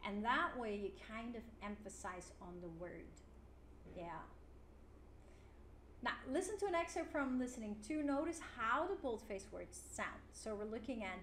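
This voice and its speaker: A woman teaching an English lesson online, clear and encouraging, with frequent "yeah" fillers. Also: a little high, very animated, moderate pace, fairly bright tone. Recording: roomy with faint noise.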